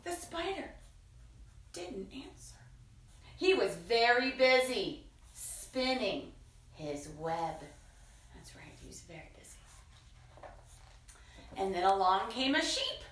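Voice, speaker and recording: A woman reading a picture book aloud to children in a playful, sing-song way, dipping into soft whispers. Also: mid-range voice, big pitch swings, slow pace, pauses often, recorded from a distance. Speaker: children's storyteller. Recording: roomy echo, voice from away from the mic.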